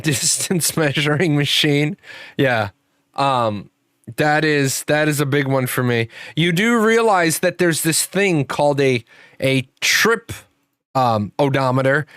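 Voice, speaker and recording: A man's voice: fairly high pitch, fairly bright tone, no echo. Profane rambling man, dry close sound. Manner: profane, rambling storyteller with frequent restarts. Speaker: host. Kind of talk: casual livestream chat.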